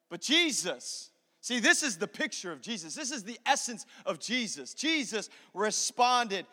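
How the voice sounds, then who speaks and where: Impassioned high-voiced man preaching in a hall. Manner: impassioned, swings from loud to hushed. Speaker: pastor. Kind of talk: sermon.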